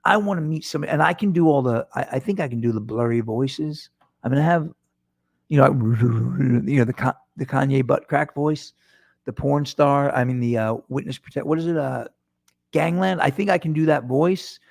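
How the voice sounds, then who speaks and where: A man's voice: fairly high pitch, brisk, vocal fry, darkish tone, no echo, studio quality. A middle-aged man hosting his own podcast, talking to listeners in a rambling, self-deprecating way with lots of restarts. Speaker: podcast host. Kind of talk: casual solo monologue. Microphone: microphone in front of him.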